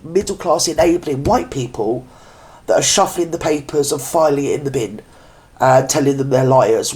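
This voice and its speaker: Guy, blunt reaction-video host, fired-up opinionated ranting, slightly high voice. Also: a little mellow. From Britain. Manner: earthy working-class slang.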